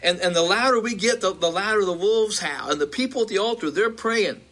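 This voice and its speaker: Bright-voiced preacher man recounting a vision. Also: high voice. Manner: repetitive, halting with restarts, building intensity.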